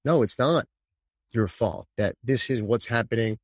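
A man hosting an interview, asking long, measured follow-up questions. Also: mid-range voice, dry recording. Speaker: podcast host.

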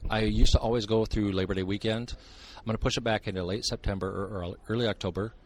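Deep-voiced older man from Montana, joking. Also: quick pace. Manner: joking, sarcastic, animated storyteller. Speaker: guest, author and Bigfoot researcher. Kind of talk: casual podcast interview.

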